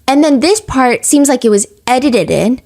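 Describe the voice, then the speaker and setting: A young woman hosts a true crime podcast, retelling the story at a quick, breathless clip. Her voice sits fairly high. She sounds animated throughout. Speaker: podcast host.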